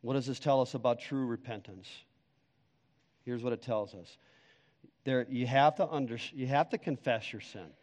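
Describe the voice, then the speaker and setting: A man preaching a sermon as pastor, emphatic, swinging between loud declarations and hushed, quiet stretches. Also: medium pitch, normal speed, long pauses, big-room sound.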